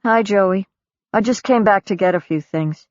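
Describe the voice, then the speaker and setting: A woman narrator voicing a weary middle-aged mother, gentle and firm, on a dull lo-fi recording. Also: mid-range voice, moderate pace, no echo, voice pushed up, natural voice.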